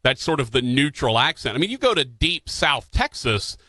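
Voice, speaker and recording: A man's voice: mid-range voice, big pitch swings, moderate pace, bright, forceful tone, dry recording. A man hosting a radio show, chatting casually with a guest, often restarting his sentences with fillers. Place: radio studio. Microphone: studio microphone.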